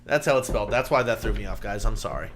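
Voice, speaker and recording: A man's voice: on the low side, expressive, fast, fairly bright tone, slight background noise. A man co-hosting a podcast, reading a sponsor ad casually and joking around with his co-host. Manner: joking, breaks up laughing while reading. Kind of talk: casual ad read.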